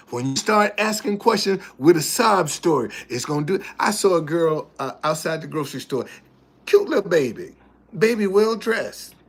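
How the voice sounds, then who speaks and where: A man hosting a casual livestream, speaking in an emphatic, preachy way that keeps repeating its points. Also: high voice. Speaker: livestream host.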